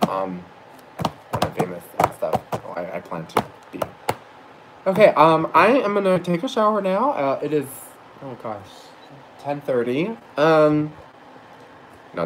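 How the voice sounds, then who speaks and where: Male vlogger, gushing and rambling, swears freely, mid-pitched voice, faint noise behind. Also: low-quality recording. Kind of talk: casual storytelling vlog.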